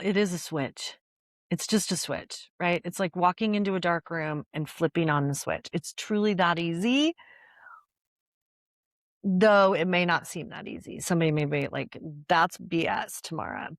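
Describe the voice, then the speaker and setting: Animated older woman telling stories. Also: fairly low pitch, no room sound, studio quality. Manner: animated storytelling, frequent laughter and restarts. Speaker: guest. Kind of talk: casual conversation.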